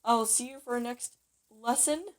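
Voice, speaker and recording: A woman's voice: fairly high pitch, steady tone, normal speed. A woman giving a casual, home-made language lesson in a chatty, playful way, often correcting herself. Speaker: language teacher.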